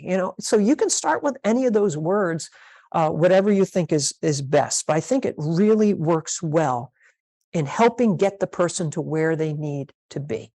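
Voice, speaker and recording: A woman's voice: fairly low pitch, animated, moderate pace, dark tone. A woman pastor teaching a leadership master class, emphatic and repeating her key phrases, sometimes playing out sample conversations.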